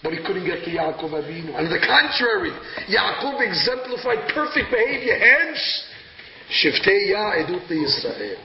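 A man teaching a lively religious lesson, acting out verses with sudden loud emphasis. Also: high voice, moderate pace, crowd noise. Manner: dramatic, acts out verses, bursts of loud emphasis. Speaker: rabbi teaching a class. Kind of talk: animated Torah lesson. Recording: echoey room, dull lo-fi sound with clear background noise.

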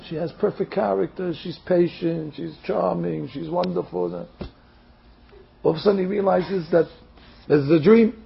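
A man preaching a sermon through a parable, telling the story with fillers and an animated manner. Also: high voice, normal speed, vocal fry, slightly rough. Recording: dull lo-fi recording.

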